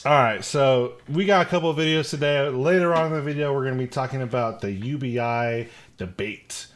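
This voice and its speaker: A man co-hosting a relaxed podcast chat, his voice sitting at an ordinary middle pitch. He rambles along, restarting sentences and dropping quick asides as he tells stories. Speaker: podcast co-host.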